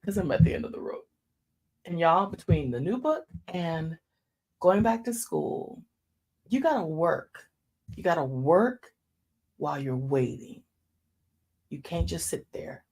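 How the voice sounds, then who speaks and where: Husky animated woman in her fifties preaching. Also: on the low side, unhurried, long pauses. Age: 50s. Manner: animated storytelling, addresses listeners as y'all. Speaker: church speaker. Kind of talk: informal sermon.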